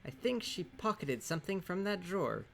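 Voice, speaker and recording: A man's voice: sits high, very animated, normal speed, gravelly, slight background noise, exaggerated voice. A man voicing an eager, chatty bird police lieutenant in a video game.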